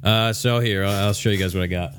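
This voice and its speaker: A man's voice: on the low side, fairly even intonation, fast, background noise. A man co-hosting a casual podcast, laid-back and rambling, with frequent restarts. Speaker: podcast co-host. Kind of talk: casual chat. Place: woodworking shop studio.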